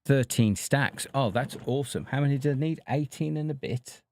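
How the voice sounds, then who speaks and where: A man streaming a game, talking casually to himself and to the characters on screen in a relaxed, chatty way. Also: mid-range voice, normal speed. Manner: chatty, talks to himself and the villagers. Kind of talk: casual gameplay commentary.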